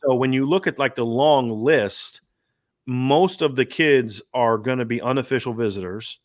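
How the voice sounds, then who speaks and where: A man's voice: medium pitch, normal speed. A man hosting a sports podcast, talking in an emphatic, rambling way with many restarts. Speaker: podcast host. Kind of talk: casual sports talk.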